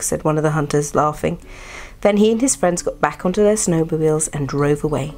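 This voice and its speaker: A woman reading a children's bedtime story aloud in a soft, gentle manner. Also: sits low, a little fast. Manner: soft, gentle, drops to whispers. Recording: faint background music.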